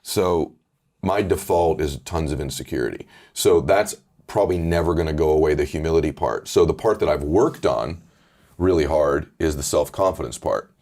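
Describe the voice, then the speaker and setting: Very deep-voiced man telling an earnest story. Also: normal speed, a little mellow. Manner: earnest, storytelling, emotional at times. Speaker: podcast host and author. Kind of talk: candid interview conversation.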